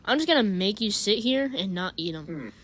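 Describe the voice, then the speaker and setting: A performer voicing a bratty, loud male shark puppet, playing a game and bossing it around with comic commentary. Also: medium pitch, lively intonation, normal speed, crowd noise, lightly acted. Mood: sly. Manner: shouty, bossy, jumps between mutters and yells. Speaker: game player and channel host. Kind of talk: comic let's-play commentary.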